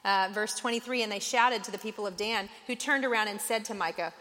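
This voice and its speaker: A woman's voice: mid-range voice, brisk. Woman teaching scripture in a large echoing hall. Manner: lively, conversational, acts out quoted voices. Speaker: Bible study teacher. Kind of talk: Bible teaching talk.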